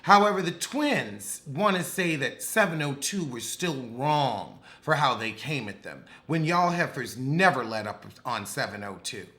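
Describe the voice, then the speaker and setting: A man's voice: medium pitch, lively intonation, unhurried, hardly any pauses, bright, forceful tone. Sassy man roasting a reality show. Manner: sassy, dramatic, cutting insults. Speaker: reality TV recap host. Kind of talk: comedic show recap.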